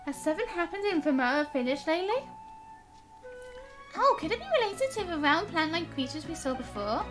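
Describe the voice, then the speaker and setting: A young woman live-streaming a game, reading its dialogue aloud with a high, bright voice. She chats in a bubbly way and laughs off her stumbles. Faint game music sits behind her. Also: big pitch swings, fairly quick. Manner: chatty, bubbly, stumbles on words and laughs at herself. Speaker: gaming streamer.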